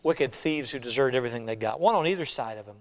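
A male pastor preaching a sermon, swinging between hushed lines and loud, dramatic ones. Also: medium pitch, animated, fast, big-room sound. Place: church sanctuary.

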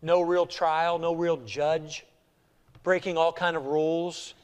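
Male pastor, slightly high voice, dramatic preaching that drops to a hush and builds loud, recorded in a reverberant church. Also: level tone, slow, clear, resonant tone. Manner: dramatic, swings between hushed and loud. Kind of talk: sermon. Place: church sanctuary.

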